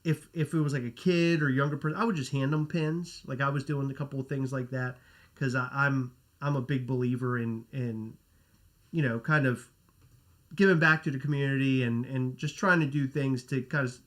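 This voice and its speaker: A man's voice: mid-range voice, fairly even intonation, moderate pace, a bit bright. A man hosting a casual livestream, rambling and correcting himself while reading chat names and swearing. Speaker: podcast host.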